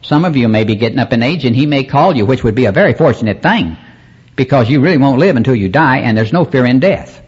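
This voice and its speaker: A man's voice: medium pitch, lively intonation, fast, slightly rough. A man preaching a rambling sermon at a church service, calling out to the congregation. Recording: dull lo-fi cassette recording.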